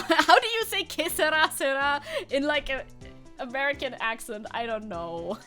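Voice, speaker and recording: A woman's voice: high-pitched, animated, normal speed, pushed and bright. A woman streamer giving casual, playful commentary while playing a game, laughing and swearing freely, over faint game music.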